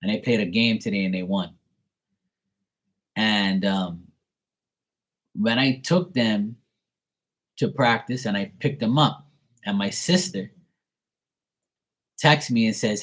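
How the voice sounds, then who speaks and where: Husky, low-voiced man swearing casually. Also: slow, pauses often, poor audio. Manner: profane, chatty, animated anecdotes. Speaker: tarot reader hosting a live stream. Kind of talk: casual live-stream storytelling.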